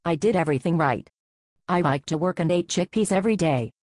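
A woman's voice: on the low side, animated, brisk, a little mellow, no echo. Earnest worried vegan lady, kinda indignant, narrator doing her. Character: earnest young vegan woman, dead, anxious.

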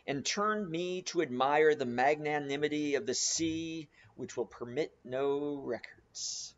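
A man's voice: fairly high pitch, lo-fi sound. A man giving a dramatic audiobook narration, reading expressively and savouring his phrases.

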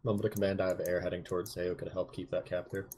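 A man's voice: low-pitched, little pitch movement, very fast, darkish tone, a little hiss or hum. A man leading air units, speaking in formal radio-style call signs on game comms. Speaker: air squad leader.

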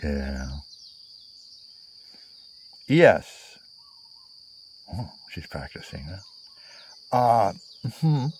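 A man's voice: deep voice, sing-song, extremely slow, long pauses, darkish tone, slight background noise. A man telling a travel story in a casual, meandering way, full of fillers and asides.

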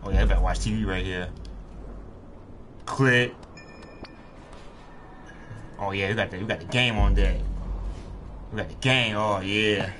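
A streamer with a lowish voice talks unhurriedly and pauses often while casually commentating a game, cracking jokes, swearing, and speaking to the screen. Game music plays loudly, and background noise is audible.

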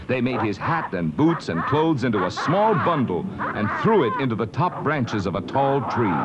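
A man narrating a classic children's book on a vintage record, reading with dramatic expression. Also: medium pitch. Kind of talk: scripted storybook narration. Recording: dull lo-fi vintage record with hiss.

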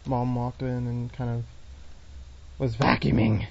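Slow, giggly young woman playing a game. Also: rumbling low, level tone, creaky, a little mellow. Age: young adult. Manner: giggly, chatty, reads on-screen text aloud. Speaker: let's play gamer. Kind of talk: casual game commentary. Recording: dull lo-fi recording with faint game music.

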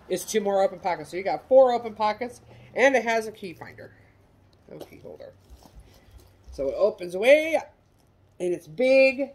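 A middle-aged woman from the United States chatting casually as she shows handbags for sale, folksy and self-deprecating. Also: medium pitch. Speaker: online reseller showing handbags. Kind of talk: casual product show-and-tell.

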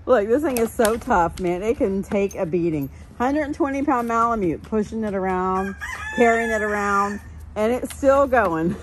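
A woman in her thirties filming her dogs at home, animated and laughing often as she coaches children. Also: medium pitch, normal speed. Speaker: dog owner filming her pets. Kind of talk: casual home video narration. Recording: noisy home video recording.

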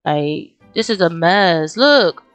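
A young woman hosting a life-sim let's play, talking casually and excitedly straight to her viewers, often breaking into exclamations. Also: fairly low pitch, slow pace, soft background music. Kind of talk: casual gameplay commentary.

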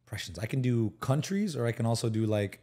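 A man's voice: mid-range voice, lively intonation, quick pace, dark tone. A man from Tunisia, a podcast guest in casual chat, joking and rambling in slang.

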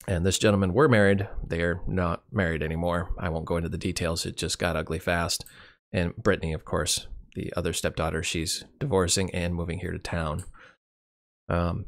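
A middle-aged man and grandfather telling a rambling, wry personal story in a casual vlog, sounding winded and tired. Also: sits low. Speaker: channel host. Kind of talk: casual personal year-in-review.

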